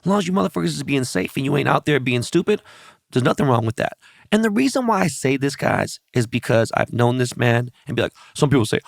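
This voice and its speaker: Blunt, gravelly podcast host. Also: male voice, medium pitch, sing-song, quick pace, no room sound, clean studio sound. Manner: profane, blunt storytelling; talks straight to his audience. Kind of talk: casual podcast conversation.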